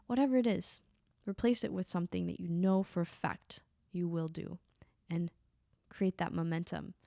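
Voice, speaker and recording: Gravelly woman, rambling self-help talk. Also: fairly low pitch, darkish tone, dry recording, studio quality. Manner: rambling, distracted, with restarts. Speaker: podcast host. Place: apartment.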